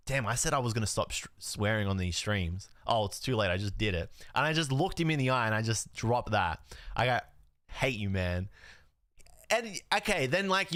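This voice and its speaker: A man's voice: mid-range voice, no room sound, clean studio sound. A man, a card streamer, telling a story in a casual way, acting out the dialogue and swearing now and then. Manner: animated, swears, laughs, acts out dialogue.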